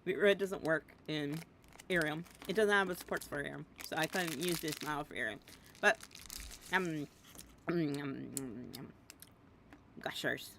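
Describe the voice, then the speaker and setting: A woman's voice: deep voice, normal speed, fairly bright tone, a little hiss or hum. A woman streaming a video game in casual, rambling chatter, often giggly and jumping between topics, sometimes mumbling to herself while she eats. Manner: talks while eating, mumbling "yum" and "nom" to herself.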